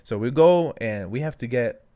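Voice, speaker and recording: A young man co-hosting a podcast tells stories in casual chat at a moderate pace. He's an animated storyteller who acts out quotes with big jumps in pitch.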